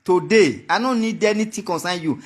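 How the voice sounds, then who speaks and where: A Nigerian man with a high-pitched voice delivers a heated monologue straight to the camera. He taunts and mocks throughout, circling back to the same threats again and again. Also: a little fast. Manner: taunting and mocking, repeats his threats. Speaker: vlogger.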